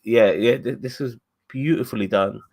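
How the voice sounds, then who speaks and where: A man's voice: mid-range voice, crowd noise. A man co-hosting a live review, talking emotionally and stumbling over restarts. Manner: emotional, halting with many restarts. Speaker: podcast co-host.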